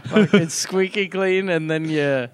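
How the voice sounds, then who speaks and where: A man from Quebec, a comedian co-hosting a podcast, teasing his guest in quick, casual banter and swearing freely. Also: sits high, smooth.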